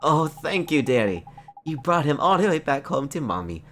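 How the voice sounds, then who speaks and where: A woman playing a kindly older woman from a game, cooing and motherly as she fusses. Her voice sits low and sways warmly up and down. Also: big pitch swings, normal speed, faint music behind. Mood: grateful.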